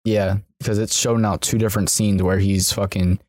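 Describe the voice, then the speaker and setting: A man's voice: lowish voice, flat delivery, normal speed, darkish tone, no room sound, clean studio sound. A man on a podcast over a video call, rambling with many fillers and swear words. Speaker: podcast guest. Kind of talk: casual chat.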